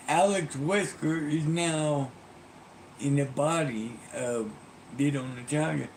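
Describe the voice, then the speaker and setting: A man's voice: fairly high pitch, fairly even intonation, takes it slowly, darkish tone, a little hiss or hum, poor audio. A man streamer casually retelling a game's plot, rambling with frequent ums and restarts.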